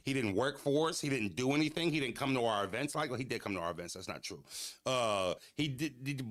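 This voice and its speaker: A man's voice: medium pitch, fairly bright tone, no echo, studio quality. A young man hosting a livestream, joking loosely and profanely, laughing and roasting his chat. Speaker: livestream host.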